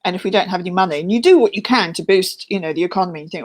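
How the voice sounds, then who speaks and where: A woman's voice: fairly low pitch, quick pace. A woman co-hosting a casual chat, telling chatty anecdotes with easy laughter. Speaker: co-host.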